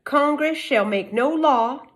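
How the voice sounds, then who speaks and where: A woman's voice: sits high, takes it slowly. A middle-aged woman using a put-on Texas accent, speaking in a casual, emphatic monologue with rhetorical questions. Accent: Texas Southern US, put on. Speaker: self-made legal commentator. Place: home in California.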